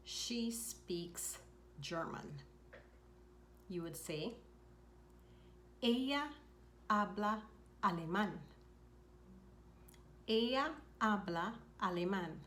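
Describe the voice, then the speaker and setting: A woman teaching a spoken lesson, repeating each phrase slowly and clearly. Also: medium pitch, pushed and bright, slight background noise. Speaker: language teacher. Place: home in Mexico.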